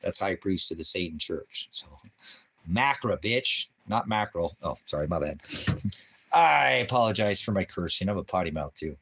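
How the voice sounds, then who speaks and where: A man's voice: sits low, very animated, normal speed, creaky, a bit bright, breathy edge. A man hosting a casual livestream, rambling and preachy and often cursing, now and then cooing at his dog. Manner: baby talk to his dog. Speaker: YouTube channel host.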